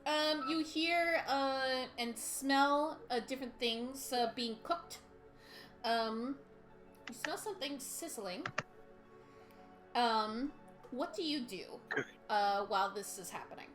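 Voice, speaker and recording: A woman narrating a tabletop game as game master, unhurried and quick to laugh. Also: sits high, over music.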